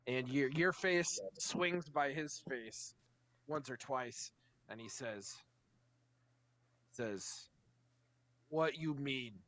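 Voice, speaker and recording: A man's voice: medium pitch, animated, very slow, pauses often, a bit bright, no echo. A man running a tabletop game as dungeon master, narrating in a hesitant, rambling way.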